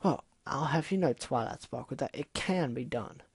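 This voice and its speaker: A haughty, posh female unicorn , as a man puts her on, with a raised, mellow voice. She drawls her words with prim condescension, and the sound is close and dry, like a home fan reading of a storybook. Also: a little high, expressive, a little fast, no room sound.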